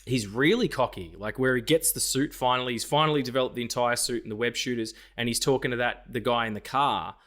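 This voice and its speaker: A man's voice: medium pitch, quick pace, hardly any pauses, fairly bright tone. A man co-hosting a casual film podcast, swearing freely and acting out scenes in quoted voices. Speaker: podcast co-host.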